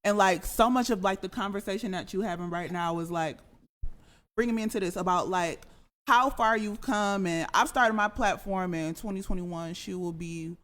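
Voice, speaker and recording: A woman's voice: medium pitch, normal speed, a bit bright. Candid young woman guest. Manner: candid, confiding, chatty. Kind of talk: casual chat.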